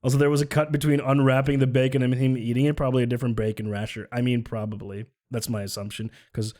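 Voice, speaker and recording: A man's voice: mid-range voice, little pitch movement, fast talker, a little mellow. A man streaming live, reacting to videos with sarcastic, swear-laden commentary and frequent laughs, close to the mic.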